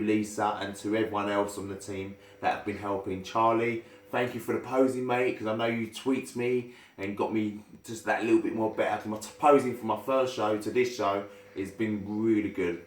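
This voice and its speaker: A man talking in a casual, excitable and heartfelt thank-you vlog as a bodybuilder. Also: on the low side, a little hiss or hum. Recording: roomy echo.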